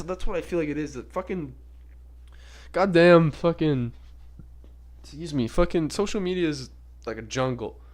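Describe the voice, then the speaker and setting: Rambling, profane young man. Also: fairly high pitch. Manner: rambling and profane, heavy use of filler words. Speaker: podcast host. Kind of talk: casual unscripted monologue.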